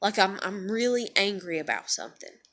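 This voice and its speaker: A woman's voice: mid-range voice, big pitch swings, fairly quick, fairly bright tone. A middle-aged woman ranting to camera, heated and profane, full of rhetorical questions and repeated phrases, upset and tired. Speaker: vlogger. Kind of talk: unscripted emotional rant to camera.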